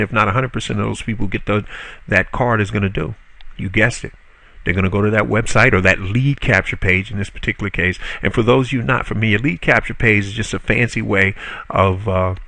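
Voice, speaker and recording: A man's voice: lowish voice, vocal fry, a bit bright, no echo. A man teaching a marketing tutorial in a folksy, salesy way, acting out example dialogues with customers. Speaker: marketing instructor. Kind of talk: screen-recorded marketing tutorial.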